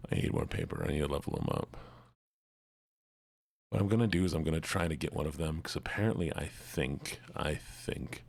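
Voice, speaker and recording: A man streaming a game in a soft-spoken way, chatting and teasing his viewers playfully while sounding sleepy. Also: very deep voice, animated, fairly quick, vocal fry, no room sound. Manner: playful, teasing banter with chat. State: sleepy, yawning.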